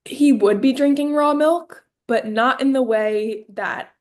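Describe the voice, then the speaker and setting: A woman's voice: high-pitched, slow. A young woman co-hosting a casual podcast, spinning absurd stories with playful mock seriousness. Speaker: podcast co-host. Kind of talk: casual comedic chat.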